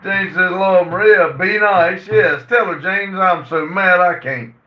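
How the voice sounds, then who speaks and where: A man hosting a casual livestream, reading viewer comments aloud and answering them with many "uh" fillers. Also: high voice. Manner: reads chat messages aloud and answers them; halting, frequent "uh" fillers. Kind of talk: casual chat. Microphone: phone. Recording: roomy, distant and dull phone audio.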